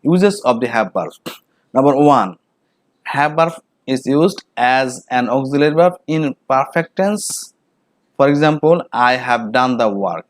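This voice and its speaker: A man with a Bengali accent teaching English grammar, reading out each example sentence slowly and saying it again. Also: medium pitch, expressive, no echo. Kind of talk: slow grammar lesson with repeated examples.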